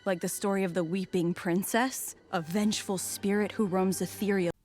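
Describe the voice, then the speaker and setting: An actress playing a sly, prickly young catlike woman commander who talks quickly and wryly. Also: medium pitch, fairly even intonation, darkish tone, close to an everyday voice. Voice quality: quick and wry.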